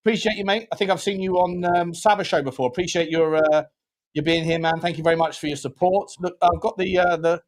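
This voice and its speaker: A man hosting a casual live-stream chat, excitable and swearing freely. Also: high voice, quick pace. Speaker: show host.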